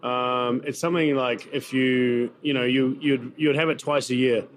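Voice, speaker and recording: A chef from New Zealand, speaking with a New Zealand accent at a middling pitch. He talks chattily in a casual interview, stacking fillers and repeated words. A faint hum of event ambience sits behind him. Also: fairly even intonation, moderate pace. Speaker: chef and restaurant owner. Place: busy event venue.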